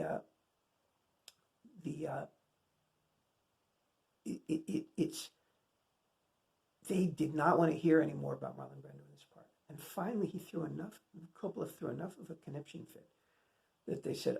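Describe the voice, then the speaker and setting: A man's voice: a little high, creaky, a little mellow. A man introducing a classic film to an audience, retelling behind-the-scenes anecdotes in a loose, conversational way with many fillers and restarts. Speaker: film lecturer introducing a screening. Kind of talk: casual spoken film introduction.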